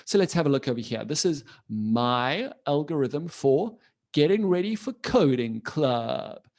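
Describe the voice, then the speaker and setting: A male teacher running a live online coding lesson for young children, talking into his computer microphone. His voice sits a little high and bounces all over the place, playful and animated as he fires questions at the kids and jokes along with them. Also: measured pace.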